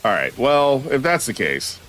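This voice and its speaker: A man's voice: medium pitch, sing-song, measured pace, a bit bright, faint music behind. A young man streamer giving casual, joking, sweary commentary while playing a game. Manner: sweary, joking, reads dialogue aloud. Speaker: gaming streamer.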